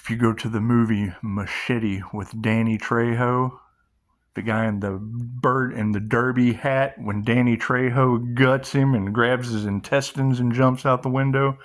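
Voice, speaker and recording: A man's voice: mid-range voice, steady tone, a little slow. A middle-aged man hosting his own channel, giving a rambling spiritual monologue and storytelling, swearing casually and laughing often. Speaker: channel host.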